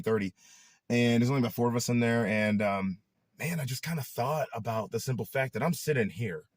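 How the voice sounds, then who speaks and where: A young man chatting in a casual vlog, animated and laughing often, who trails off into rambling asides. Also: mid-range voice, no room sound, clean studio sound. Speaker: YouTuber.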